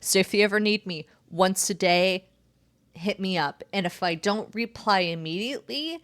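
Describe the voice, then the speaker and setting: A woman's voice: mid-range voice, moderate pace, a bit bright. A woman playing a tabletop game, joking casually and talking in an easygoing way.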